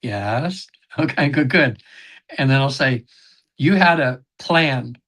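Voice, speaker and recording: A man guest on a podcast, telling long rambling stories about his sessions, with many fillers, throat clearing and quoted voices. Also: medium pitch, lively intonation, takes it slowly, a bit bright. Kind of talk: casual interview storytelling.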